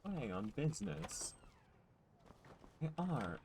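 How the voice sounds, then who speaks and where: Excitable and prone to sudden loud outbursts and swearing, a man commentates his live gameplay stream. He speaks at medium pitch, a little slowly, with slight hiss or hum on the audio.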